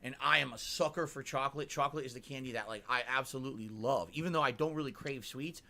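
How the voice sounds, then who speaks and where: A man's voice: mid-range voice, fast, pushed and bright. A middle-aged man from Connecticut telling a long-winded, emphatic vlog story and checking in with the listener. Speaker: vlogger. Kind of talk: rambling vlog monologue.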